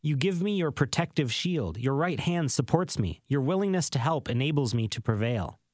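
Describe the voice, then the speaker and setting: Man, scripture reading, measured, steady, ordinary pitch, dry close recording. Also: no echo. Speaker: scripture reader.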